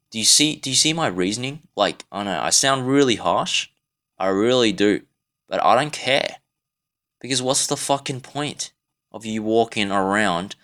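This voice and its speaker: A man with a somewhat low voice delivers a self-recorded monologue. He rambles and swears freely, often stopping and restarting his sentences. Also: a bit bright. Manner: rambling, profane, with frequent restarts. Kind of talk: casual monologue rant. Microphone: self-recorded device.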